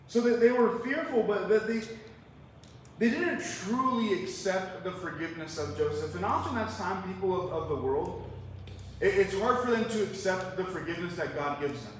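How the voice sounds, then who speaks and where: A man's voice: high voice, normal speed, slight background noise. A man preaching a verse-by-verse sermon as pastor, talking conversationally and asking the congregation rhetorical questions. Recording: echoey hall, mic far off.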